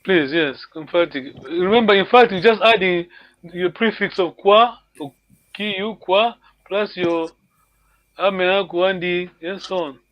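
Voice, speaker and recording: A man's voice: high voice, a little slow, highs cut off. A male language teacher giving an online lesson over a video call, patient and encouraging, often repeating words.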